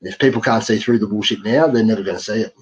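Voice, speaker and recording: A man in a casual political chat, agreeing quickly, in a dull lo-fi recording. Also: on the low side, breathy edge.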